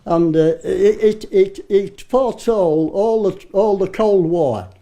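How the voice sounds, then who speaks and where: A man's voice: sits high, slow pace, warm tone. A man, an interviewee reminiscing casually and rambling through war stories, swearing freely and restarting his sentences. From Britain. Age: 90s. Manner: rambling, salty storyteller who swears freely and restarts often.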